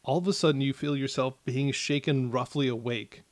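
A man narrating as game master of a tabletop game, with many pauses and restarts. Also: mid-range voice, no echo. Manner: hesitant, many fillers and restarts.

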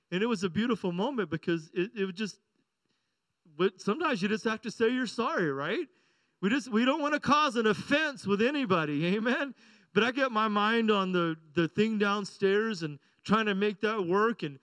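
Middle-aged pastor guy, high bright voice, chatty joking sermon, keeps asking amen. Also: dry recording, poor audio. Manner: conversational, joking, asks the congregation "right?" and "amen?".

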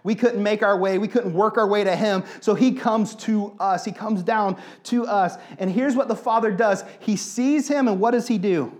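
A man's voice: sits high, moderate pace, hardly any pauses. Earnest man preaching a sermon. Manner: earnest, animated, repeats phrases for emphasis. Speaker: pastor.

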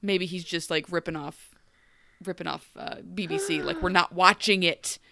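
A woman's voice: fairly low pitch, moderate pace, creaky, pushed and bright, no echo, studio quality. A woman co-hosting a podcast in casual chat, gushing about a TV show, laughing often and acting out characters' lines. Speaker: podcast co-host.

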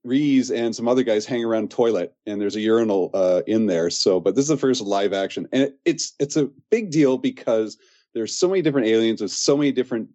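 Guy on a podcast, lowish mellow voice, rambly and excited, lots of restarts. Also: brisk, lo-fi sound. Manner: rambling, enthusiastic, frequent restarts. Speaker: podcast co-host. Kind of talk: casual chat.

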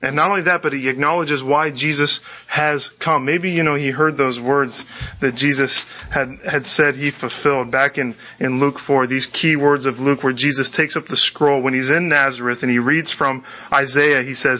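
A man preaching a sermon, conversational and animated, often repeating his words as he goes. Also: medium pitch, normal speed, muffled recording. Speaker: pastor.

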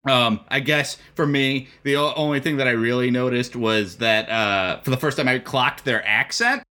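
A man's voice: mid-range voice, normal speed, bright, forceful tone. A man co-hosting a comedy podcast, recapping a scene in a dry, exasperated way. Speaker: podcast co-host. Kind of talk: casual comedic chat.

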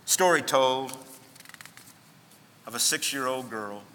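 Male pastor preaching with a sharp, tense edge, swinging loud and hushed, reverberant church hall. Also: mid-range voice, slow pace, a little hiss or hum. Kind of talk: sermon.

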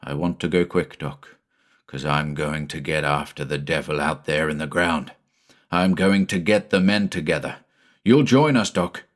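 A man doing a low, grim deputy. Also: a little slow. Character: grieving, grimly vengeful rural deputy father.

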